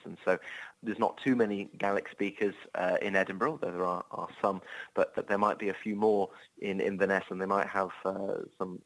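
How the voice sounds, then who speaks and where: An English man speaks in a fairly low voice, chatting about his comedy tour. He talks in an amiable, rambling way, full of restarts and self-deprecating asides. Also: poor audio. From England. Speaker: touring comedian.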